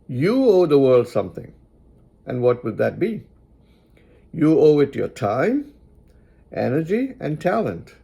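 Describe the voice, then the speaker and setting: Man talking slow and careful, dark husky voice, keeps repeating stuff for emphasis. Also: medium pitch. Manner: deliberate, repeats lines for emphasis. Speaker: speaker giving moral advice. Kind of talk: reflective spoken monologue.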